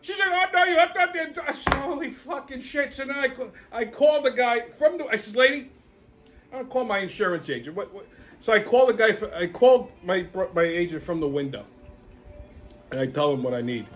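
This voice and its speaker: A man hosting his own show, telling stories in a profane, exasperated, animated rant. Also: high-pitched, fairly quick, faint music behind. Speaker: show host. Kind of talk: casual storytelling rant.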